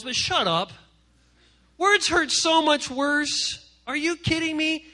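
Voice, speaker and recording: Guy preaching to teens on stage, high bright voice, jokey, keeps doing little voices. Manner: animated, joking, acts out quoted voices. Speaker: youth pastor. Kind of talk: energetic comic sermon to a youth group. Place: stage before a live audience.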